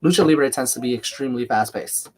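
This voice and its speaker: A man with a slight lisp hosts a live watch-along stream. He talks in a chatty, easygoing way, jumping between calling the action and answering viewer comments. His voice sits at an ordinary middle pitch. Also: quick pace, darkish tone, a little hiss or hum. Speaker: livestream host.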